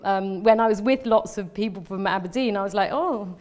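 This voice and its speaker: A woman's voice: mid-range voice, fairly quick, darkish tone. Woman artist giving a talk to a room, chatty and rambly, keeps restarting, laughs a lot. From London, England. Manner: rambling, chatty, self-interrupting with frequent restarts; emotionally open, laughs often. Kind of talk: live lecture presenting slides.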